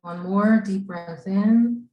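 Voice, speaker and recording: Slow, soothing woman guiding breathing. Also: mid-range voice, dull audio. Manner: slow, gentle, soothing guidance. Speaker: camp instructor leading children. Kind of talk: guided breathing and mindfulness exercise. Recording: echoey room, voice from far off.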